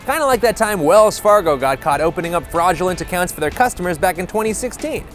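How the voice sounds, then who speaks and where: A man's voice: sits high, animated, fast, a bit bright, soft background music. A man hosting a comedic explainer video, delivering narration with sarcastic, jokey, mock-indignant asides. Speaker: host.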